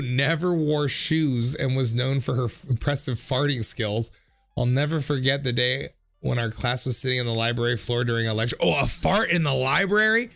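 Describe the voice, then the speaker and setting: A streamer in his thirties riffs on viewer comments with loose, jokey commentary, swearing freely and cracking himself up often. His gravelly, bright voice swings lively in pitch, and faint music plays in the background.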